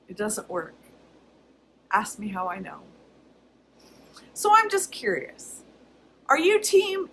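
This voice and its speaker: A woman with a slightly high voice shares her thoughts in a casual, candid vlog. She laughs often and keeps it chatty. A faint background hiss sits under her voice. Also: very animated, takes it slowly, long pauses, fairly bright tone, low-quality recording. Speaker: vlogger.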